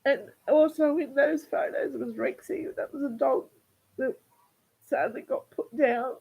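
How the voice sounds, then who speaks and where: A woman vlogger talking in a rambling, halting livestream monologue, often repeating words. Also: high-pitched, phone-quality sound.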